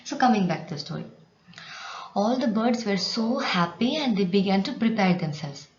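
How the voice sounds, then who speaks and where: A woman's voice: mid-range voice, lively intonation, moderate pace. A woman teacher reading a story aloud and patiently explaining words to students with examples. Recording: echoey room, dull sound, faint hiss.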